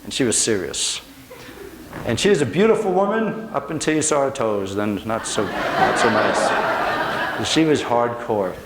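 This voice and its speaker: A man's voice: medium pitch, animated, unhurried, background noise. A middle-aged American man giving a motivational speech to a room, telling stories earnestly with emphatic repetition. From United States. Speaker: motivational speaker. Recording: echoey room.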